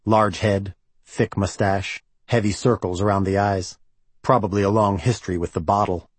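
Husky, low-voiced male audiobook narrator. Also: fairly even intonation, moderate pace, no room sound. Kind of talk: scripted narration.

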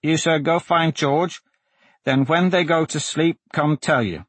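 A man voicing an eager young street boy in a storybook reading, giving quick high answers. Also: a bit bright, breathy edge, no room sound.

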